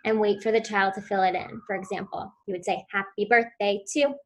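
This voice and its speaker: Woman calmly explaining speech strategies. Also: mid-range voice, quick pace. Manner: clear instructive delivery, models sounds for children. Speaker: speech therapy presenter. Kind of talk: virtual conference talk.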